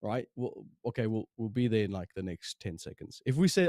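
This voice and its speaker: A man's voice: lowish voice, expressive, fairly quick, dark tone, no room sound, clean studio sound. A man from South Africa with a South African accent, casting esports in chatty, laughing banter between games. His first language is Afrikaans. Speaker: esports caster. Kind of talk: casual chat between games.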